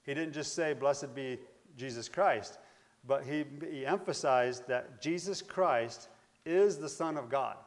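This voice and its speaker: A man teaching from scripture in a plain, mid-pitched voice. He talks in a loose, thinking-aloud way, restarting phrases and leaning into the verses he quotes. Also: a little slow. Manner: conversational, searching, with fillers and restarts. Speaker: preacher. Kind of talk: Bible teaching sermon.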